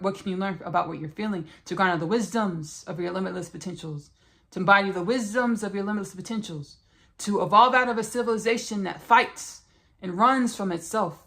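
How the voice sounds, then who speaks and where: A woman hosts a spiritual podcast monologue, repeating her phrases and addressing listeners directly as "y'all" and "baby." Her medium-pitched voice is a bit bright and fairly quick.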